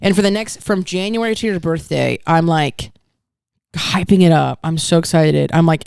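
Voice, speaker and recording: A woman co-hosting a podcast, spinning a long, meandering story in casual banter. Her voice is smooth and resonant, with a gravelly edge. The recording is dry and close, with no room sound. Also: low voice, moderate pace, a little mellow, dry recording. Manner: rambling, long-winded storyteller. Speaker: podcast co-host.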